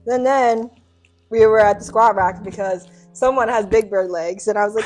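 A woman's voice: medium pitch, normal speed, a little mellow, faint music behind. A young woman co-hosting a podcast, chatting casually and teasing her friend with frequent laughs. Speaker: podcast co-host. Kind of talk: casual chat.

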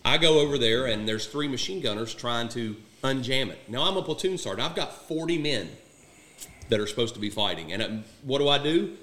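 A man's voice: mid-range voice, animated, brisk, pushed and bright. A middle-aged man, a retired Marine platoon sergeant, telling war stories in a blunt, profane, candid way. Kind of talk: casual war storytelling. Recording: echoey room.

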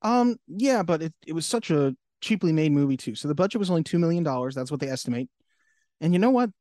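A man's voice: on the high side, lively intonation, fast, dark tone, dry recording, clean studio sound. A man co-hosting a podcast in casual chat, laughing often and acting out quotes. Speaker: podcast co-host.

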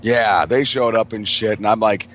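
A man's voice: fairly low pitch, steady tone, normal speed, fairly bright tone, a little hiss or hum. A man, a podcast co-host, telling rambling, profane party stories to friends and laughing often. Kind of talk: casual storytelling among friends.

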